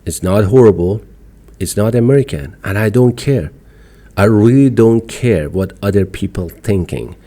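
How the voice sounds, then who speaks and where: A man with an Iranian accent speaks as a podcast guest, his English broken but emphatic and outspoken. His voice sits somewhat low, with a dark, mellow tone. He talks in a casual conversational way. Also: animated, normal speed. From Iran. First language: Farsi.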